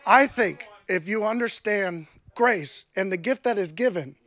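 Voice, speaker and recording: A man in his thirties preaching a sermon, telling a personal story with animated delivery and acted-out dialogue. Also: sits high, unhurried. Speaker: pastor.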